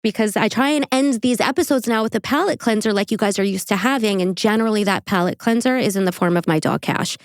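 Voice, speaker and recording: A woman hosting a casual true crime podcast, chatty and animated, laughing often and filling her talk with "like". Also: mid-range voice, fast, few pauses, dry recording, studio quality. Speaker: podcast host.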